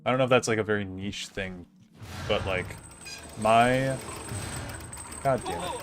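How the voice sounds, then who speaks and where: Low-voiced guy in his 30s rambling thru a story on stream, faint music under it. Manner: rambling, halting, many fillers and restarts. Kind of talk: casual storytelling while gaming.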